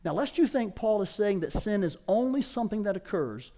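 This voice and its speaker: Emphatic high-voiced male pastor preaching. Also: lively intonation, mellow. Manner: emphatic, rising in pitch and volume on key points, slowing to stress words. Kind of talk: sermon.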